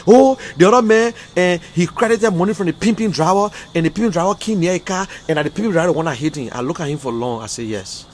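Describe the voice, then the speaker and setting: A Liberian man delivering an emotional, repetitive political rant as a commentator, swinging between loud outbursts and quiet, subdued stretches. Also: on the high side, fast talker, hardly any pauses. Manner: emotional, repetitive, rising and falling intensity. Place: in America.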